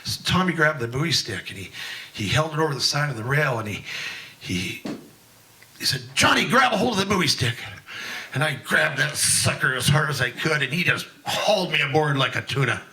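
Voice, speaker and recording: Older man, folksy open-mic storyteller, bright voice a little off mic, rambling with fillers. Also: mid-range voice, moderate pace, recorded from a distance, poor audio. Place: live event in a museum hall.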